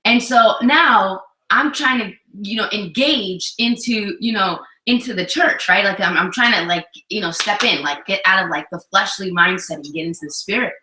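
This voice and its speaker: Animated woman co-host in an echoey room. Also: medium pitch, moderate pace, hardly any pauses. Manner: animated storytelling, acts out quotes. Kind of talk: casual couple chat.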